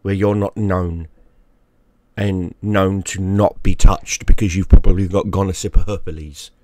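A man's voice: deep voice, steady tone, a little slow, darkish tone, dry recording. A man giving a crude, mocking rant straight to the camera, often repeating himself for emphasis. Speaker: YouTube gaming creator. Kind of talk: profane ranting monologue.

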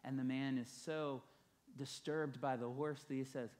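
A man's voice: medium pitch, fairly even intonation, unhurried, darkish tone. Earnest man preaching a sermon. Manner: earnest, building emphasis in repeated phrases. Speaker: pastor. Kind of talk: sermon with storytelling.

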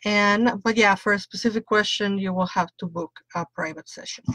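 A woman's voice: medium pitch, normal speed, fairly bright tone, no room sound. A woman tarot reader doing a chatty live-stream reading, greeting viewers by name and laughing often.

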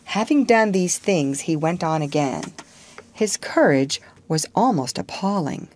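A woman narrating a children's classic for English learners in a measured, expressive storytelling manner. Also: fairly low pitch, slight background noise.

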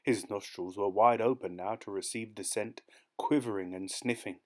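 Guy reading an audiobook story, lowish voice, steady pace. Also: moderate pace. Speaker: audiobook narrator. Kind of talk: scripted story narration.

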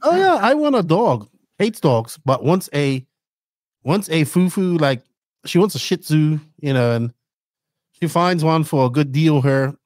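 A middle-aged man hosting a podcast, telling rambling, animated stories in casual chat. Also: a little high, a little slow, dry recording, clean studio sound. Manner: rambling, animated storytelling with laughs. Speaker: podcast host.

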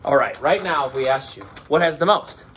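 A male teacher running a playful lesson for children, cracking pirate jokes and slipping into a gruff pirate voice. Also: on the high side, a little fast, a crowd in the background. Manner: hammy, joking, slips into a gruff pirate voice.

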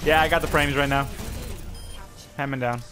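A man's voice: medium pitch, steady tone, moderate pace, pushed and bright, soft background music. A young man joking and teasing his friends in casual gaming chat over a headset mic. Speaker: gamer.

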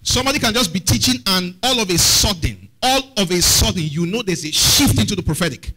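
A man's voice: sits high, animated, fairly quick, pushed and bright, slightly rough, low-quality recording. A man preaching a sermon as pastor, often asking the congregation questions.

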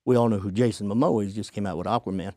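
A man, a podcast guest, telling a story casually and acting out the people he quotes in a higher voice. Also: very fast, a little mellow, dry recording. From United States.

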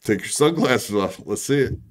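A man's voice: medium pitch, animated, normal speed. A man calling into a stream, angrily confronting another caller. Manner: confrontational, accusing. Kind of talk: heated call-in argument.

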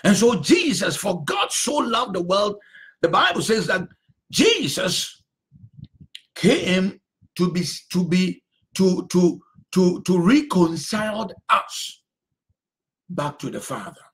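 A man preaching a sermon as a pastor, emphatic and repetitive, sometimes rising to a shout. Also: sits high, big pitch swings, slow.

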